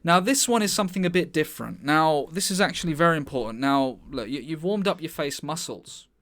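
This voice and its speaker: A man's voice: fairly high pitch, animated, fairly quick, fairly bright tone. Mock-pompous male acting coach. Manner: mock-authoritative, self-important. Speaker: comedy streamer playing a pompous acting coach. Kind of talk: improvised comedy bit. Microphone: webcam mic on a live stream.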